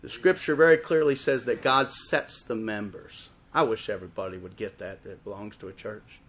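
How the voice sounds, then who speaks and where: A man with a Wisconsin accent preaching a sermon, telling stories and slowing down and rising in volume for emphasis. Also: fairly low pitch, steady tone, husky. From Chicago area, raised in Wisconsin. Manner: storytelling preacher, swells louder and slower for emphasis. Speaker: guest preacher.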